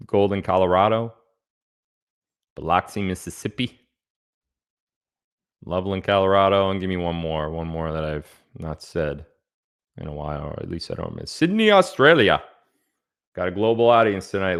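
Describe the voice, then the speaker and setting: A man hosting a live stream in loose, rambling chat, cracking jokes between asides. His voice is deep and low. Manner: rambling and joking, reading out viewer locations. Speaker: livestream host. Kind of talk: casual livestream chat.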